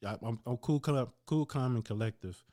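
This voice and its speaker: A man hosting a podcast, telling a story casually and acting out the voices of people in it with big jumps in pitch. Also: moderate pace, warm tone. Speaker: podcast host.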